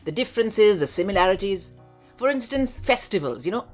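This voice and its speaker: A woman in her forties with an Indian accent, chatting lively as a podcast co-host. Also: medium pitch, brisk, soft background music. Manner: lively, chatty, mixes in Hindi. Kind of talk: casual chat.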